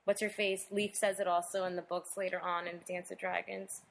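A woman co-hosting a podcast, talking casually and chattily with quick restarts. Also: fairly low pitch, level tone, gravelly, a little hiss or hum. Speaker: podcast co-host. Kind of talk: casual chat.

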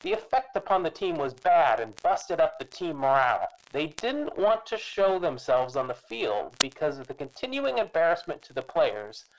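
A man doing an old-timey baseball boss, high and sing-song. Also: sing-song, moderate pace, few pauses, poor audio. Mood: stiff, formal. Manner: formal, old-fashioned declamation. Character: old-timey male baseball executive, stiff and formal.

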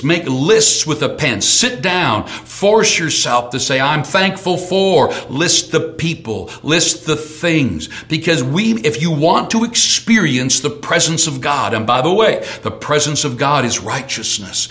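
A middle-aged man preaching a sermon, dropping to soft near-whispers and then rising to sudden loud shouts of praise. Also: medium pitch. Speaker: pastor.

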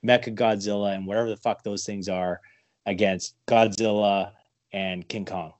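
A man's voice: on the low side, fairly even intonation, moderate pace, darkish tone, no room sound. A man chatting casually as a podcast co-host, rambling and profane, poking fun at himself. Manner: rambling, profane, self-mocking theorizing. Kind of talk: casual chat.

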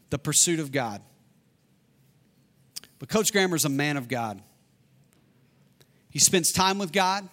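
Earnest man preaching a sermon. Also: a little high. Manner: earnest, repeats lines for emphasis, shifts between loud and hushed. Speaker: pastor.

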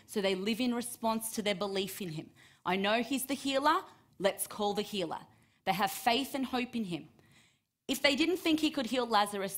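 Woman preacher retelling scripture expressively. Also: mid-range voice. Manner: expressive, acts out quoted voices with rising emphasis. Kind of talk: sermon reading and retelling scripture.

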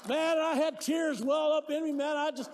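High voiced guy preaching, big swings loud to soft, church echo all around. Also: steady tone, moderate pace, a faint crowd, a little hiss or hum. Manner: impassioned, swings from loud preaching to quiet storytelling. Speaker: pastor. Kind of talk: sermon.

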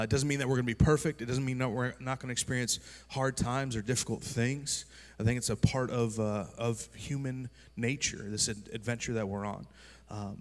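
Man, pastor, conversational sermon, medium pitch, long hall reverb. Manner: relaxed, conversational with many fillers. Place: large church hall.

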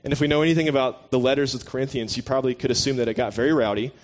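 A man's voice: mid-range voice, very fast. Laid-back joking man preaching. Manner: relaxed and joking, chats with the listeners. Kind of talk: casual conversational sermon.

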